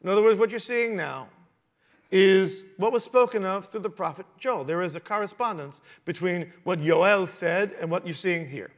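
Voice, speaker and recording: A man teaching a verse-by-verse sermon to a congregation, conversational and animated, asking rhetorical questions and dropping into quiet asides. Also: sits high, moderate pace. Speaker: Messianic Jewish teacher. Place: congregation hall.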